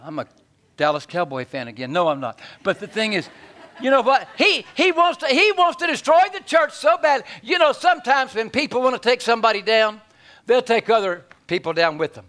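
A man preaches in a folksy, animated style. His voice sits fairly high for a man. He swings from loud bursts to hushed asides. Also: fairly quick. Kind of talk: sermon.

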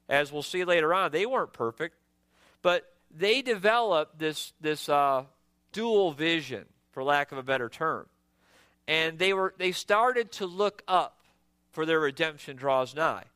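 A man's voice: fairly high pitch, pushed and bright, clean tone, no room sound. A man preaching a sermon in an earnest, emphatic way, repeating words as he builds each point.

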